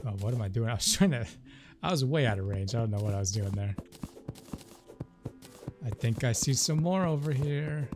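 A man's voice: medium pitch, expressive, normal speed, pauses often. Chatty man narrating a game. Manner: chatty, rambling asides. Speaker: let's play host. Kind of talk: casual gameplay commentary. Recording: game music behind the voice.

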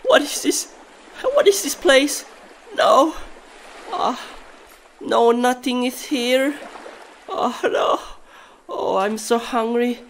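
Man doing a high, whiny hungry sheep. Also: takes it slowly, pauses often, a bit bright, a little hiss or hum, exaggerated voice. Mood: fretful. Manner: wailing, fretful.

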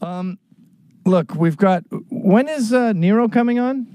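A man's voice: sits high, animated, unhurried, warm tone, clear, resonant tone, no room sound. A man hosting a talk show who speaks bluntly, crudely and mockingly. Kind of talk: casual chat, opinion monologue.

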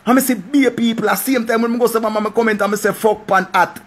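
A man's voice: very high voice, fast talker. A man with a Jamaican accent giving casual, profane commentary. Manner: animated, repetitive, profane. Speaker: vlogger.

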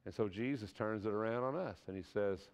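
A man's voice: lowish voice, brisk, clean tone, long reverb tail. A man teaching a church class in a conversational sermon style, earnest and folksy, often asking the class rhetorical questions.

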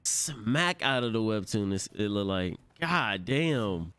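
A young man hosting an anime reaction video, talking in excitable, slangy, profane bursts, often laughing and yelling. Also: on the low side, slow pace, smooth, no echo. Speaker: anime reaction channel host.

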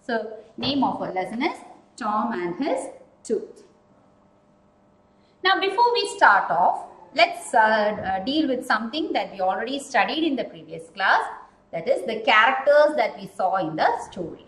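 A woman teacher walks through a story lesson at an unhurried pace, repeating words and asking questions. Her voice is high and full of movement. The room echoes around her. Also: very animated, fairly bright tone. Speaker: English teacher. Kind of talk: recorded class lesson. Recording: roomy echoing room.

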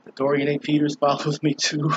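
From a small balcony, a man vlogs a laid-back, rambling story packed with swearing and fillers. His slightly high voice is monotone and a little fast, and the camera audio is lo-fi with a noisy background.

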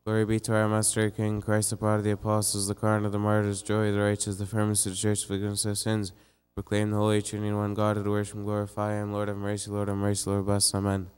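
A man reciting church prayers in a fast, flat, chanting monotone during a live-streamed liturgy. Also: fairly low pitch, clear, resonant tone. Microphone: live stream mic.

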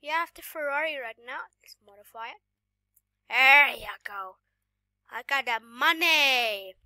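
A woman giving casual gameplay commentary while sick, coughing now and then, excitable and often dropping to a whisper. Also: sits high, measured pace, no room sound. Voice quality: voice sounds off today. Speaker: gaming YouTuber.

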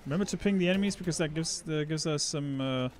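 Slightly higher-voiced gamer man. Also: fast. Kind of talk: casual gaming chat.

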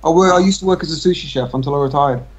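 A man from Australia with a softened Australian accent tinged with British, commentating a video game in an easygoing, chatty way. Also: a little high, racing, slightly rough, highs cut off. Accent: Australian, softened with some British. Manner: easygoing, chatty, self-deprecating. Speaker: co-caster.

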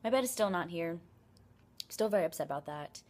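A woman's voice: lowish voice, animated, fairly quick, darkish tone. A young woman, a college student, chatting casually to camera in her apartment, rambling with lots of "like" and self-mocking complaints. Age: young adult. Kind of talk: casual vlog chat. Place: apartment, indoors.

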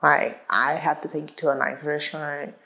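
A woman's voice: sits low, flat delivery, normal speed, creaky, sharp tone, rough recording. A woman co-hosting a podcast, talking casually and thinking aloud as she explains her views. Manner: conversational, thinks aloud with fillers. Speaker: podcast co-host. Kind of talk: casual conversation. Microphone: lapel mic.

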